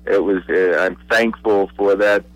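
An older man from Pennsylvania, a radio guest reminiscing, pausing often with uhs and repeated words. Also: low-pitched, fairly even intonation, no room sound, lo-fi sound. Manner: halting, many uhs and repeated I's. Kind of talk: relaxed reminiscing.

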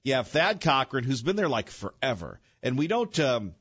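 Very animated and at a moderate pace, this older radio host's medium-pitched voice is a bit bright and slightly rough, captured on a studio microphone with no echo and dull audio. His casual chat is full of jokes, rambling asides, and self-interruptions.

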